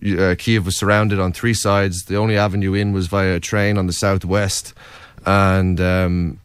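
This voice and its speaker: Irish guy in an interview, deep-ish smooth voice, lots of ums, earnest storytelling. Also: level tone, moderate pace, dry recording. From Ireland, County Wicklow. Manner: earnest, recounting in detail with many fillers. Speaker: documentary filmmaker guest.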